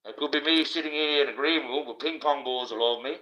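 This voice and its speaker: Talking fast in a pushed, bright, medium-pitched voice, this masked man preaches from indoors as a livestream host. His monologue rambles and is blunt and profane, carried over dull, lo-fi livestream sound.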